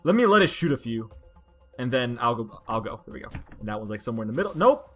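A woman's voice: very deep voice, very animated, fast, soft background music. Exasperated woman ranting through a platformer. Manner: exasperated, frustrated self-talk that bursts into loud outbursts. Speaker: let's play gamer. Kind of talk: casual gameplay commentary.

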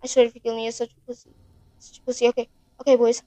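A woman's voice: fairly high pitch, level tone, rapid-fire, warm tone. A woman narrating her own horror game playthrough, panicky and swearing, talking straight to her viewers. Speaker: gaming channel host.

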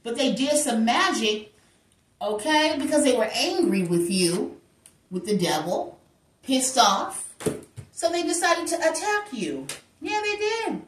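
A woman's voice: high voice, slow pace, far from the mic. A woman giving a spiritual tarot reading in a sassy, preacher-like way. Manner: animated, sassy, preacher-like, acts out voices in quotes. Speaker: tarot reader. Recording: echoey room, voice from off-mic.

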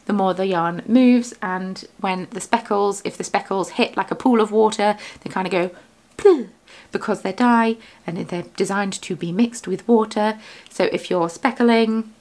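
A British woman, the host of a crafting vlog, chatting casually from her home studio, rambling and correcting herself as she goes. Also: medium pitch. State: has the hiccups. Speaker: yarn dyer and vlogger.

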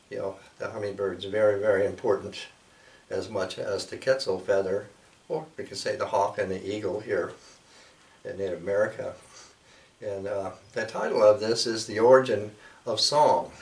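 A man hosting a radio show who reads a translated poem in a slow, measured, slightly hesitant way. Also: lowish voice, steady tone, roomy sound, distant mic. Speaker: radio host. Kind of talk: poetry reading.

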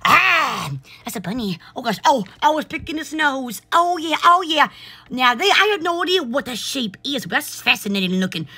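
A woman's voice: high-pitched, big pitch swings, normal speed, bright, forceful tone. A woman from Alabama, chatting casually with viewers on a phone live stream, bubbly and full of exclamations and laughs. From Alabama, USA. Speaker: Instagram live streamer, store owner. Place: hot room at home.

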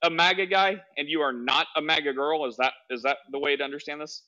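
A man hosts a casual call-in discussion, quick with a teasing joke. His voice is sharply bright and somewhat high. The audio is dull and lo-fi. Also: steady tone. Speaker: host of a call-in discussion room.

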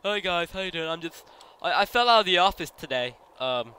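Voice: mid-range voice, expressive, fairly quick, heavy background noise, lightly acted. A gamer voicing a goofy crash-test ragdoll man in casual, chatty lines. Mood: breezy. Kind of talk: voicing game characters.

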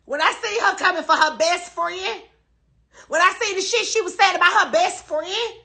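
A woman's voice: very high voice, normal speed, creaky, bright, forceful tone. A woman crying while she rants defensively and profanely on a phone livestream, repeating herself. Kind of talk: emotional live-stream rant.

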